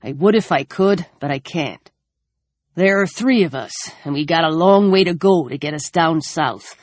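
A man's voice: a little high, moderate pace, dry recording, natural voice. A weary older man, torn and uneasy, speaking in subdued, hesitant tones, as a woman reader puts him on. Close, dry sound with no room.

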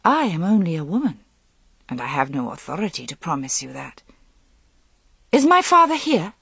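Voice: mid-range voice, huge pitch swings, moderate pace, vocal fry, fairly bright tone, breathy edge, no room sound, exaggerated voice. A reader voicing a young queen who speaks firmly in an audiobook. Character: young queen, firm but uneasy woman. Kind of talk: audiobook character voice.

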